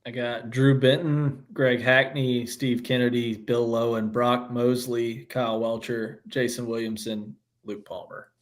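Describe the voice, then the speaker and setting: A man's voice: mid-range voice, flat delivery, unhurried, hardly any pauses. Joking man in podcast banter. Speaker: podcast panelist. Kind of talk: casual group chat.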